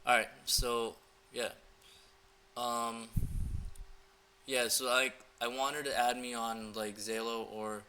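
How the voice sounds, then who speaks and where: A man's voice: medium pitch, level tone, slow, bright, forceful tone, smooth. A young man in a loose, filler-heavy casual walkthrough, coaching viewers on dating messages. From United States. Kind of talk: casual screen-recording walkthrough.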